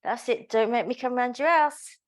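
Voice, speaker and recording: A woman's voice: on the high side, moderate pace. A woman teaching a live pilates class, giving counted cues with joking, chatty asides. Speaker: pilates instructor. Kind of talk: live exercise class instruction.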